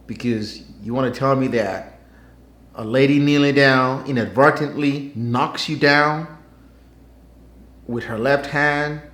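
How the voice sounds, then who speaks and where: A medium-pitched man with a fairly bright tone hosts his own channel, giving news commentary with a wry, skeptical, conversational edge. The room sounds roomy and echoey.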